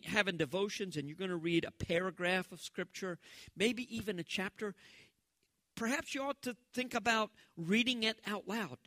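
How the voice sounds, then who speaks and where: A male pastor, preaching a sermon in a conversational, animated way and acting out the voices he quotes. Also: sits high, dry recording.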